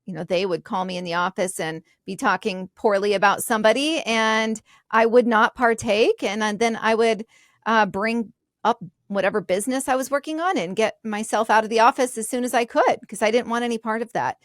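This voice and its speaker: A woman's voice: on the high side, brisk, dry recording, studio quality. A woman co-hosting a podcast, explaining workplace ideas in a candid, casual way with lighthearted asides. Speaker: podcast co-host.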